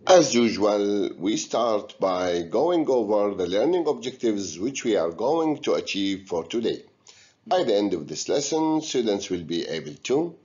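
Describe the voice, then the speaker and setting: Male teacher, video grammar lesson: slow, patient, expressive pitch; dull lo-fi sound. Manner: slow, deliberate, guiding students step by step. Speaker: English teacher.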